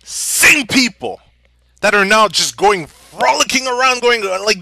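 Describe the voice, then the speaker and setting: Furious high-voiced young man ranting. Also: expressive, a little slow, gravelly, no room sound. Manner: furious, profane, shouting at times. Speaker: vlogger. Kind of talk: angry rant.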